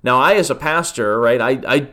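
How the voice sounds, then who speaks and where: A man's voice: medium pitch, normal speed, fairly bright tone. A man, a pastor, teaching a Bible study podcast in a conversational way, full of rhetorical questions and restarts.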